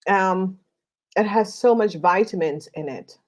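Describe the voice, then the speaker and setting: A woman's voice: medium pitch, unhurried. A woman tarot reader chatting casually while eating, rambling with many fillers.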